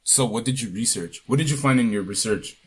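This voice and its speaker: Husky-voiced laid-back man telling a story. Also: medium pitch, fairly quick. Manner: casual and profane, laid-back. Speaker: podcast co-host. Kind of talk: casual chat, storytelling.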